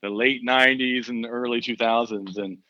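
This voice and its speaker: A man from southeastern Pennsylvania, a guest in a casual interview, talking in a relaxed way full of "you know" fillers. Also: mid-range voice, normal speed, no echo, muffled recording.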